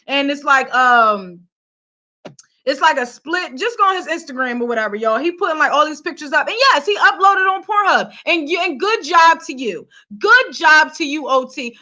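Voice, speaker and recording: A woman's voice: very high-pitched, sharp tone. A woman from Philadelphia hosting a celebrity gossip vlog, ranting heatedly and cursing as she talks straight to the camera. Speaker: vlog host.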